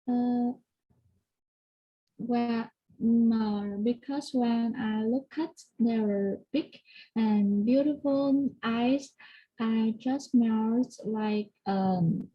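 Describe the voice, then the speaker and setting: A woman learning English, giving a hesitant practice answer with many pauses and fillers. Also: on the high side. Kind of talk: spoken exam practice answer. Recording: dull lo-fi audio.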